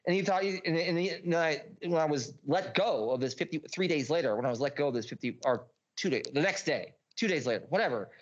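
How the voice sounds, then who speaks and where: A man's voice: fairly high pitch, lively intonation, quick pace, hardly any pauses. A man with a slightly raised speaking voice rambles through a personal story as a podcast guest, profane and restless, often breaking off and restarting. The audio is dull and lo-fi.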